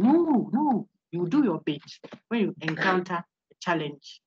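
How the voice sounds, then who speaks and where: Animated woman lecturing online. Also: on the low side, fairly quick, hardly any pauses, dull audio, a little hiss or hum. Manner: animated, laughs often, asks students questions. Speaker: university lecturer.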